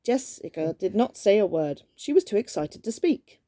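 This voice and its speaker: Woman, playful storybook reader, lively expressive pitch, mellow tone, dry close sound. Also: moderate pace, no echo. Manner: playful, giggly, chatty. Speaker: storyteller reading a gift book. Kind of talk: casual read-aloud storytime with banter.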